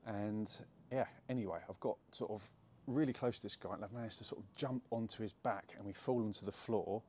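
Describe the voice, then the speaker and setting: A young man who owns a jiu-jitsu gym tells a personal story to camera in a casual, chatty way, full of fillers and restarts. His lowish voice is a little fast and a little mellow, with a little hiss or hum in the recording.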